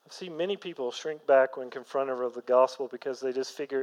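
A man preaching a sermon as pastor, earnest, rising to emphatic peaks and then dropping low. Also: brisk, a little mellow, long reverb tail, rough recording.

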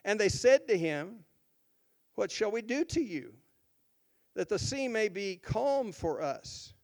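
A man with a rather high voice delivers a sermon at an unhurried pace. As a pastor, he reads scripture aloud and then stops to explain it, stressing the words he wants his listeners to notice. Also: sing-song.

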